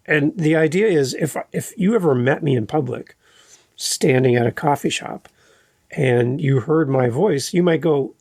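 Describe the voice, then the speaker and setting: A man hosting a podcast in a relaxed, easygoing manner, his slightly high voice carrying a gravelly rasp. He talks at an unhurried pace into a close mic in a dry, dead-sounding space. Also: dry recording. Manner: relaxed, unhurried conversational delivery. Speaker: podcast host. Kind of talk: casual chat. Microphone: podcast microphone.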